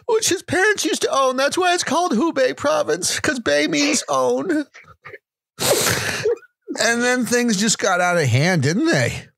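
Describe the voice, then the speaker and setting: A man's voice: very high-pitched, big pitch swings, a little slow, creaky, fairly bright tone, no room sound, pitched above the performer's own voice, heavily acted. A man putting on a blubbering guilty confessor. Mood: tearful. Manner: whiny, quavering, overwrought apology. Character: grown man sobbing a mock-tearful confession.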